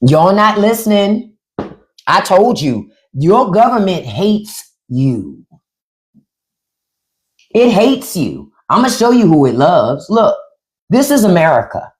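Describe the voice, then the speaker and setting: A woman's voice: lowish voice, very animated, slow pace, pauses often. A woman hosting a livestream, talking bluntly and profanely to her viewers, repeating lines for emphasis and turning sarcastic. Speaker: livestream host. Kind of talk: unscripted livestream commentary.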